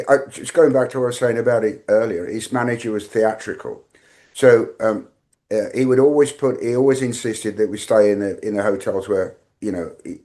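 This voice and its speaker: An older man with an English accent and a fairly low voice tells backstage stories as an interview guest. He rambles along with plenty of fillers and restarts. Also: darkish tone. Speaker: guest, veteran tour manager. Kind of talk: anecdotal interview storytelling.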